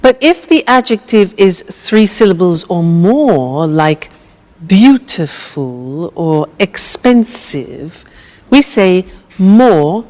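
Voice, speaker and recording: A woman teacher leads a slow, deliberate grammar drill in a lowish voice. She is patient and encouraging, and her words ring in a roomy hall. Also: darkish tone. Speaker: English teacher.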